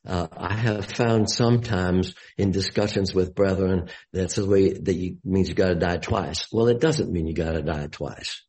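A man giving a Bible study sermon, deliberate and explanatory, with emphatic rises on key words. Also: deep voice, darkish tone, poor audio.

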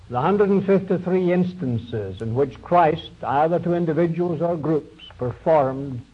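Man preaching, chatty storytelling sermon, kinda high voice, muffled old-tape sound. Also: breathy edge. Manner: folksy storytelling, quotes figures in small voice shifts. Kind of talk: sermon retelling a Bible story. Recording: dull lo-fi recording.

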